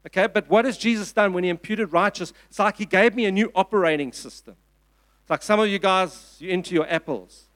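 A man's voice: high voice, a little fast, fairly bright tone. A man with a South African accent preaching a sermon in an earnest, emphatic way, often repeating his phrases. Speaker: pastor. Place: church.

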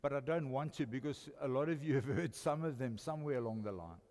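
An older man with a South African accent preaching a sermon, swinging between loud emphatic lines and quiet, intimate ones. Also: medium pitch, quick pace. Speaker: pastor. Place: church hall. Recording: long church reverb.

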